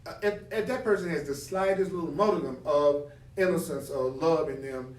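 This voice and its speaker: A man's voice: a little high, normal speed, far from the mic. A man teaching from a spiritual text, reading passages aloud and then explaining them with rhetorical questions and acted-out examples. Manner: animated, acts out example dialogue. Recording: roomy, from the mic.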